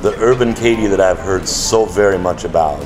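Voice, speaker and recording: An actor playing a smooth-talking Southern gentleman in a radio soap, with a Southern accent and a flowery, flattering way of talking. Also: sits low, moderate pace, music in the background, close to an everyday voice. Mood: charming.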